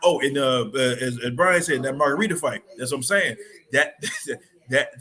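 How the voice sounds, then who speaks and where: A man co-hosting a sports podcast, chatting casually in an animated, rambling way full of slang. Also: mid-range voice, normal speed. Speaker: podcast co-host.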